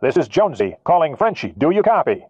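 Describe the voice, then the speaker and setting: A man voicing an eager young American sonar operator giving quick, alert reports in an audiobook reading. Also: on the high side, very animated, darkish tone, slightly rough, no echo, highs cut off, voice pushed up.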